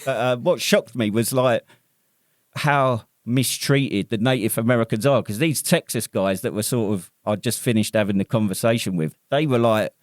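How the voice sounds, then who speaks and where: A man's voice: mid-range voice, moderate pace, no room sound, clean studio sound. A British man, an army veteran co-hosting a podcast, chatting in laid-back, sweary banter. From United Kingdom. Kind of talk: casual podcast chat.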